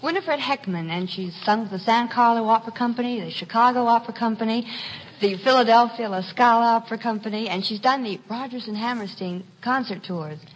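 A woman's voice: fairly high pitch, fairly quick, long reverb tail, slight background noise, poor audio. A woman guest on a live show, answering shyly with short giggly replies. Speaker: talent scout guest.

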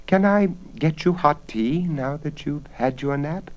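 A man's voice: unhurried, highs cut off, close to an everyday voice. A man voicing an eager young serving girl. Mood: polite. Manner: high, bright and anxious.

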